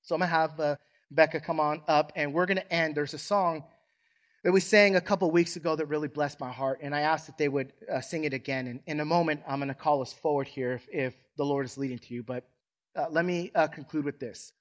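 A man's voice: a little high, fairly even intonation, fairly quick. A man preaching a sermon as pastor in a church, asking the congregation questions and calling for amens. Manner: preaches with rhetorical questions and call-and-response. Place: church sanctuary.

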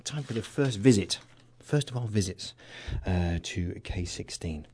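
A man's voice: fairly low pitch, expressive, a little slow, warm tone, a little hiss or hum. A man with an English accent co-hosting a local radio show, chatting and teasing his partner with lots of fillers. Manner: joking, teasing, with frequent fillers.

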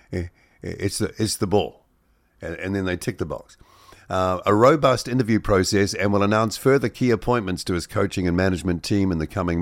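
Reading the news headlines on breakfast radio, this studio host throws in wry jokes, asides, and mock voices. He has a deep voice, captured in a dry, studio-quality recording.

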